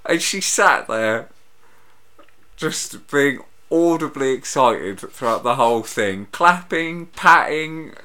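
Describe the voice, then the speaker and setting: A man's voice: medium pitch, expressive, slow, pushed and bright. A man in casual comedic chat, a dry grumbler telling a story and mimicking other people.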